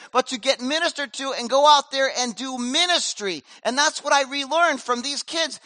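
A man preaching a sermon as pastor, animated and conversational, with casual slang. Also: very high-pitched, no room sound.

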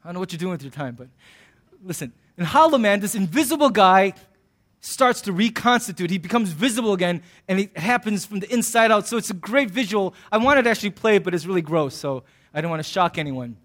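Male pastor, high voice, sermon with animated asides and playful humor. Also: quick pace. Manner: humorous, conversational preaching.

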